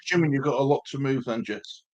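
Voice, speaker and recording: An easygoing man chats on a casual panel and teases the others. His mid-pitched voice comes through dull and lo-fi, as if over a remote link. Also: fast. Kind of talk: casual chat.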